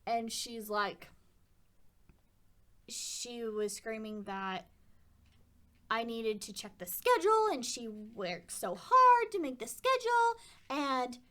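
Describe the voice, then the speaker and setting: A woman with a slightly high voice tells a personal story in a casual vlog. She rambles a little and keeps the tone chatty, dropping wry asides along the way. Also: animated, slow pace, pauses often, fairly bright tone. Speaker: vlogger.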